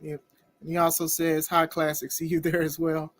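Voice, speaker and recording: Podcast host, man, lively and laughing, close dry mic. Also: a little high, normal speed, no room sound. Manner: animated, laughs often, reads viewer comments aloud. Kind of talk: casual interview chat.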